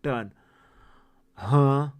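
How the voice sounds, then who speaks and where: Slow, smooth-voiced man ranting. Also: medium pitch, darkish tone. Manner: incredulous, rambling and sweary. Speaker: livestream host. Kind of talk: casual livestream chat reading viewer comments.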